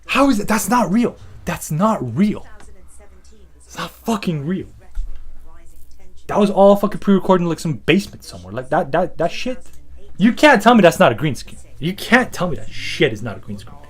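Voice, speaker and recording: Man, podcast host, husky voice, lively swinging pitch, profane rambling riff, faint music behind. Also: normal speed. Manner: profane, animated, swaggering storytelling.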